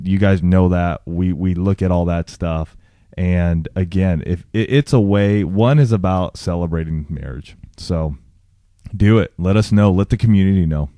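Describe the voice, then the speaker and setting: A man in his thirties talks in a very low, mellow voice that is hoarse from a sore throat. He rambles casually and vents his frustration as he co-hosts a podcast. The recording is dry and close. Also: no room sound. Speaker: podcast co-host. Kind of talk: casual chat.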